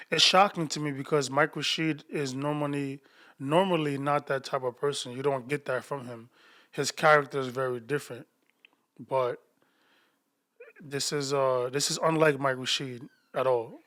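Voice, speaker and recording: A man giving commentary over clips in a measured way, pausing and restarting often. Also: medium pitch, a bit bright. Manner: measured, halting, with many restarts.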